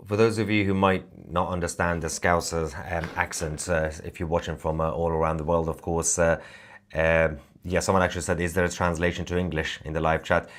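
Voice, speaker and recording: A man with a very low voice hosts an online live news stream. He comments with mounting indignation, firing rhetorical questions between fillers. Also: a bit bright.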